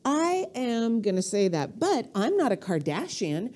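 A middle-aged woman comedian ranting on a podcast, profane and rambling, with sudden jumps in pitch. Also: very animated, measured pace, darkish tone. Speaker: comedian guest.

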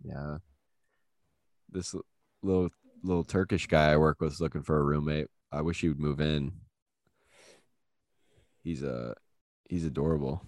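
Low-voiced rambling comedian man. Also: fairly even intonation, normal speed, long pauses, darkish tone, no room sound, studio quality. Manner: rambling storyteller, acts out quotes. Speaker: podcast host. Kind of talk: casual comedic chat.

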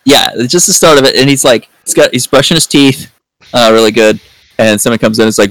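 A man's voice: mid-range voice, steady tone, a little fast, a bit bright, no echo, poor audio. A man hosting a podcast in casual review chat, rambling with lots of fillers and free swearing. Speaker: podcast host.

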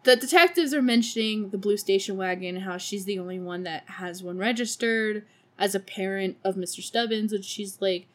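A woman's voice: mid-range voice, moderate pace, a bit bright. A young woman hosting a podcast, recapping a film in a casual, sarcastic, profane way with laughing asides. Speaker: podcast host.

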